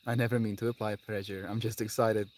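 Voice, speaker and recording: A man streaming live to his viewers, talking in a dreamy, heartfelt way with laughs and sighs, long pauses and phrases that trail off quietly. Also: on the low side, flat delivery, no echo. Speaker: livestreamer. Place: outdoors with birds audible.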